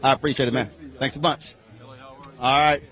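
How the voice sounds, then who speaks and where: A man's voice: medium pitch, little pitch movement, normal speed, a bit bright. A man interviewing people outdoors at a crowded street event, talking in a breezy, upbeat and colloquial way. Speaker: event reporter. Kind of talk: roving interview.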